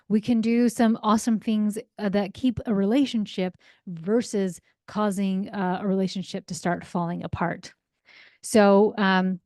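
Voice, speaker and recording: A woman's voice: medium pitch, mellow, dry recording, studio quality. Chatty upbeat parenting coach woman. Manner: chatty, upbeat, often asks "right?"; acts out quoted voices in anecdotes. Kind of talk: solo podcast talk.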